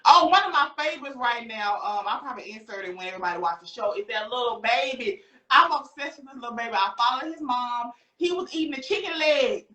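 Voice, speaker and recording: A woman, hosting a casual panel chat, animated and slangy, laughing often. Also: a little high, fast, few pauses. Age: 30s. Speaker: host. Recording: echoey room with crowd noise.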